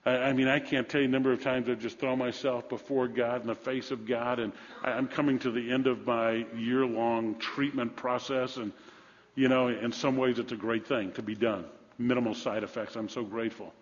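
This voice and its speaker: A man in his fifties preaching a sermon, shifting from hushed confession to emphatic scripture reading. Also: mid-range voice, little pitch movement, moderate pace, in a large hall, highs cut off. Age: 50s. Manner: earnest, swings from hushed to emphatic. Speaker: pastor.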